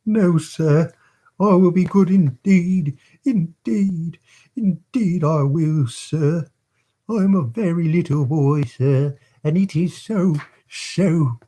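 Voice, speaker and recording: A man voicing a small orphan boy who begs tearfully in a high, pleading voice during a storybook reading. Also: slow pace, warm tone. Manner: tearful, begging, high-pitched.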